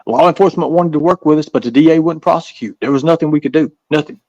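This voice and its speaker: Soft music plays beneath a muffled recording of a Southern man spinning stories as an interview guest. His voice is fairly high yet darkish in tone, and he speaks fast, rambling, repeating words and acting out voices.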